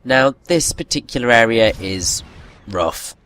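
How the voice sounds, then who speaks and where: A gaming video host plays a video game to game music, offering chatty, rambling commentary with frequent restarts and self-mocking asides. His medium-pitched voice is animated, unhurried, a bit bright, and has a clear, resonant tone.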